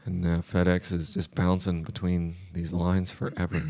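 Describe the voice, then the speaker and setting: A man with a very low voice co-hosts a live stream while hoarse from a cold. He talks in a laid-back way and clears his throat often. The sound is dry and close. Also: little pitch movement, unhurried, a little mellow, no room sound. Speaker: co-host of a trading live stream. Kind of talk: casual live-stream chat.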